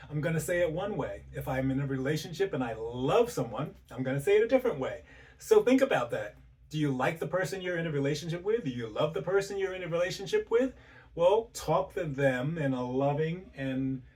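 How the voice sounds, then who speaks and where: A man's voice: on the high side, far from the mic. A man giving relationship advice as a coach, speaking directly to the listener and repeating his points with rhetorical questions. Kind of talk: motivational advice talk.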